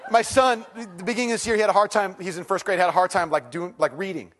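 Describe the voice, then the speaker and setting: A man's voice: high-pitched, fast talker, fairly bright tone, some chatter behind. A man in his thirties talking to an audience, telling a self-mocking personal story and acting out his own reactions. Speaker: speaker addressing an audience.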